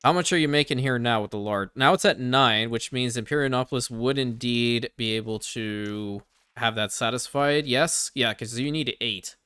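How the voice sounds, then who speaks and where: A man's voice: mid-range voice, normal speed, sharp tone, clean tone. A man hosting a strategy game let's play, thinking aloud and swearing casually as he plays. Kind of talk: casual gameplay commentary.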